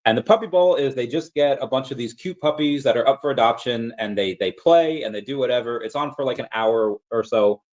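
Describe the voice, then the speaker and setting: A man's voice: mid-range voice, a little fast, few pauses, a little mellow, lo-fi sound. A man hosting a casual livestream, rambling and thinking aloud with lots of fillers as he reads chat messages. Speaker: crypto livestream host. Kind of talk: casual livestream chat reading super chats.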